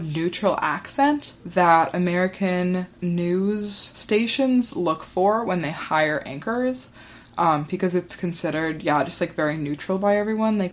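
Chatty woman with a lowish voice. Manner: chatty and rambling, many "like" fillers. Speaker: podcast host. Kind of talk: casual solo monologue.

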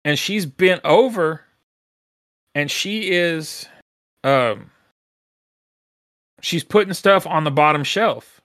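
A man on a casual podcast telling a workplace story in a lively, animated way, acting out the people he quotes. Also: a little high, takes it slowly, long pauses, no echo, studio quality. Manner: animated storyteller who acts out quoted voices.

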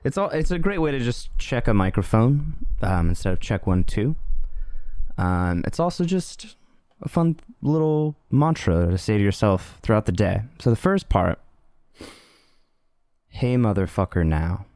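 A man's voice: on the low side, lively intonation, measured pace, a little mellow, no room sound. A man hosting a podcast, talking casually and playfully, swearing and rambling with restarts. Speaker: podcast host. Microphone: studio microphone.

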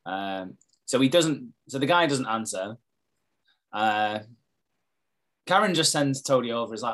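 A man's voice: mid-range voice, animated, measured pace, pauses often, a bit bright. A man co-hosting a casual podcast, adding dry, jokey asides while recapping a soap plot. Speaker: podcast co-host.

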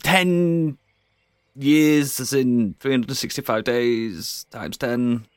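A man's voice: medium pitch, slow, smooth, no room sound. A man playing his character in a tabletop game, exasperated and swearing. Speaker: player. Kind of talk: in-character tabletop role-play.

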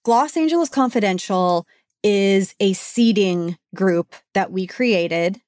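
A woman co-hosting a beauty podcast as a beauty editor, chatting casually in an animated way. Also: mid-range voice, slow, no room sound, studio quality. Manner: chatty and animated, mimics others with exaggerated voices.

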